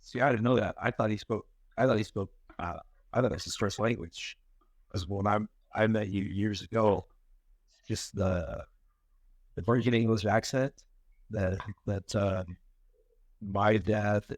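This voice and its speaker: A man's voice: on the low side, fairly even intonation, measured pace, no echo. A man co-hosting a podcast, chatting casually and telling family stories with rambling restarts and easy laughter. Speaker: podcast co-host. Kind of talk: casual chat.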